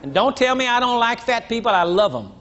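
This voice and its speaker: Older man preaching, high voice. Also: sing-song, a little fast. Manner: preachy, teasing, rising to shouts then dropping low. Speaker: pastor. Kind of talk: sermon. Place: church. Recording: dull lo-fi church recording, faint crowd.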